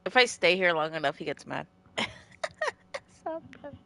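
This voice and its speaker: A woman's voice: on the low side, very animated, normal speed, creaky, a bit bright. A woman streamer who has just woken up, chatting playfully and rambling while she plays a game. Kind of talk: casual livestream chat while gaming.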